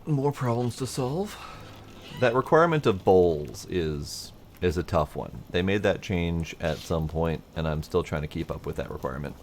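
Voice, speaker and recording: Low-voiced man musing over gameplay. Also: lively intonation, normal speed, few pauses, a little hiss or hum. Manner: thinking aloud, casual, mild swearing. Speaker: gameplay commentator. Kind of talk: let's play commentary.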